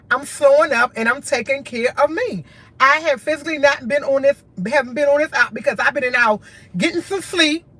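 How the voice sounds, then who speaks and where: A woman's voice: high voice, fairly bright tone. A woman talks to her livestream viewers. She sounds worn out and earnest, circling back through short, repeated phrases. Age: adult with a school-age son, in college. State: tired. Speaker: livestream host. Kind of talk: candid livestream talk.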